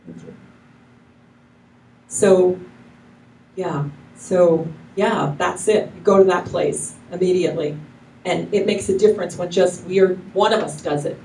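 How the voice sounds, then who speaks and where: A woman's voice: on the low side, measured pace, vocal fry, pauses often, darkish tone. A woman minister giving a casual, effusive sermon to her congregation, rambling loosely and restarting her sentences often. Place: church hall with live congregation. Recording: echoey hall, mic from far off, faint noise.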